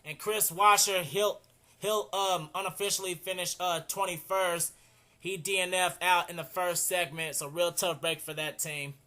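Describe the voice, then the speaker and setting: A young man doing excited play-by-play commentary on a race, repeating "oh man" and running out of breath. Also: high-pitched, moderate pace. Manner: excitable, keeps saying "oh man".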